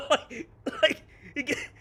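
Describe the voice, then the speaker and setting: A man streaming live, chatting candidly with his viewers, ranting and swearing freely with quick laughs. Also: pushed and bright. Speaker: streamer and content creator. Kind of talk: casual livestream chat.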